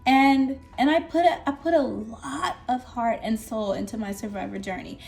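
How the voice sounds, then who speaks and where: Young woman vlogging a wild story, high voice, super animated, faint music underneath. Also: normal speed, gravelly. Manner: animated, exclamatory, with laughs and squeals. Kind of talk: excited storytime vlog. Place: at her desk indoors.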